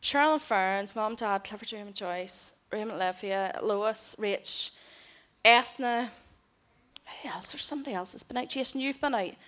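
A woman's voice: medium pitch, normal speed, a bit bright. Woman telling a mission story. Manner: heartfelt storytelling, voices others in quotes. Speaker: missionary speaker. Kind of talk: mission report to a church congregation.

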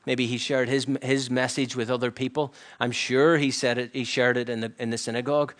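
A man preaching a sermon in an earnest, reflective way, often dropping to a hushed near-whisper. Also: mid-range voice, flat delivery, a little fast.

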